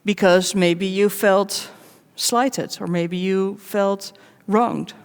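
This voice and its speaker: A woman giving a live conference talk, candid and personal, with wry self-mocking asides and measured pauses between short phrases. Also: medium pitch, steady tone, smooth. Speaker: conference speaker. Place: large conference hall. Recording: long reverb of a big hall.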